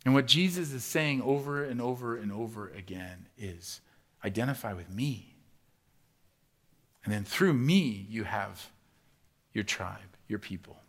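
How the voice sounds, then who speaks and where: A man preaching a sermon, talking to the congregation as if chatting with them. He asks rhetorical question after question. His delivery swings between loud, rising emphasis and quiet, low stretches. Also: unhurried, long pauses. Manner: builds to loud, rising emphasis, then drops to soft and low. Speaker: pastor.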